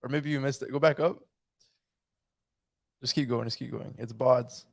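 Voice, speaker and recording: A man co-hosting a livestream, making quiet, laid-back remarks off to the side. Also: mid-range voice, fairly even intonation, normal speed, creaky, dry recording. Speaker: co-host. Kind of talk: casual livestream chat.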